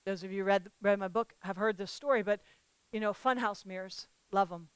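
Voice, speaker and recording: A woman preaching a sermon to a live audience. She speaks emphatically, calls out to the listeners and rises to loud declarations. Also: medium pitch, moderate pace, clean tone, no echo.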